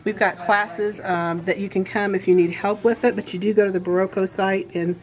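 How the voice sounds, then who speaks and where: A woman's voice: medium pitch, steady tone, normal speed. A woman from Indiana hosting a casual shop update, chatty and rambling, laughing easily. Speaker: quilt shop owner and host.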